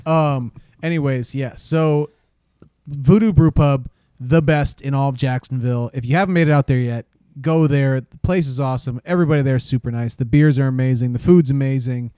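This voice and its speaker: A man's voice: mid-range voice, brisk, hardly any pauses, mellow, clean tone, no room sound, clean studio sound. A man co-hosting a casual podcast, flustered and rambling through his segments. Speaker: podcast co-host. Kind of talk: casual banter.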